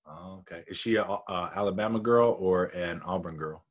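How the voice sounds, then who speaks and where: A man's voice: sits low, moderate pace, highs cut off. A man hosting a podcast, asking questions in a casual, joking way and teasing his guest. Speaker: podcast host. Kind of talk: casual interview chat.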